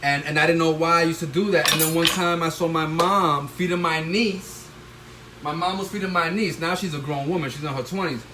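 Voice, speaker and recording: A middle-aged man with a fairly high voice runs a live cooking demo at his stove, recorded on a handheld phone. He coaches the viewer and keeps checking in with "okay?", then breaks into excited whoops. Frying sizzle and kitchen clatter come through clearly under his voice. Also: a little fast, noisy background. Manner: excitable, bursts into loud whoops; coaching, tags lines with "all right?" and "okay?". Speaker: chef hosting a cooking stream.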